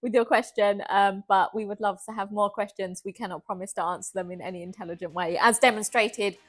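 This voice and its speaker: A woman's voice: mid-range voice, flat delivery, fast talker. A middle-aged woman co-hosting a podcast in casual chat, rambling and playful, often breaking into giggles. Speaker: podcast co-host.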